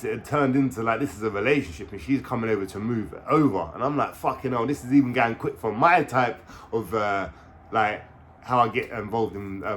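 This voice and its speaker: A man in his thirties with a London accent, telling a story to his viewers in a casual, slangy way, full of swearing and asides, his voice often dropping low and quiet before bursting back up. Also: a little hiss or hum. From England. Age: 30s. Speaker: vlogger.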